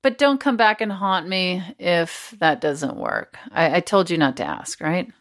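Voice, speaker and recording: A woman's voice: fairly low pitch, sing-song, a little slow. A woman hosting a casual advice chat, reading listener questions aloud and teasing her guest in an easygoing way. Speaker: host.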